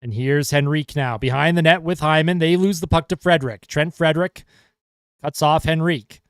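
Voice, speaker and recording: A man calling hockey play-by-play as a fan livestreamer, excitable and chatty with his viewers. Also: a little high, fairly quick, clean tone, dry recording, studio quality. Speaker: fan commentator livestreaming a game. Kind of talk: casual play-by-play commentary.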